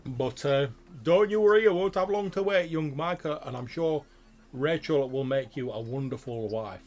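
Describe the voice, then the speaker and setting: A man's voice: a little high, normal speed, voice pushed up, lightly acted. A man voicing a jovial middle-aged male farmer who talks in a hearty, reassuring way.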